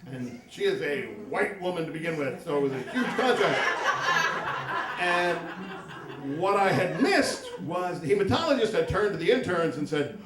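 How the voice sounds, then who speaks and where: A man's voice: high voice, big pitch swings, moderate pace. A man telling a comic personal story on stage at a live story slam, with wry, self-mocking humor. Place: stage in a hall, live audience. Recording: roomy hall, mic from far off.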